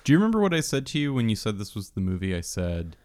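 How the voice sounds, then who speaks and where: A man co-hosting a casual film podcast, making dry jokes and calm points. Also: fairly low pitch, quick pace. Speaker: podcast co-host.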